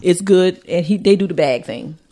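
A woman's voice: fairly low pitch, animated, moderate pace, dark tone. A woman co-hosting a laid-back podcast, talking in a chatty, rambling way. She repeats herself and keeps steering back to her point. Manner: chatty, repeats herself, says "anyway" a lot. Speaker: podcast co-host. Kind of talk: casual podcast chat.

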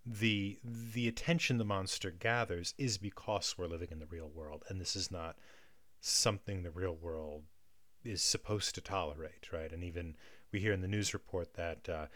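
Thoughtful low-voiced man explaining ideas. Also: fairly even intonation, normal speed, fairly bright tone, no room sound. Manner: thoughtful, many restarts and "right?" checks. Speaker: guest discussing film and theatre. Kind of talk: casual analytical chat.

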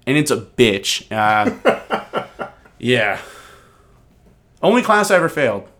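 A man's voice: medium pitch, very animated, slow, fairly bright tone. A man in his twenties hosting a casual chat, loose and joking, swearing freely. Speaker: podcast host.

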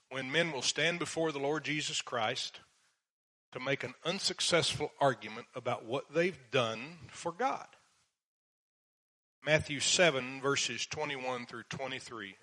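A man's voice: medium pitch, bright, forceful tone. A man preaching a verse-by-verse Bible sermon in a church, earnest and emphatic, reading scripture in old King James English.

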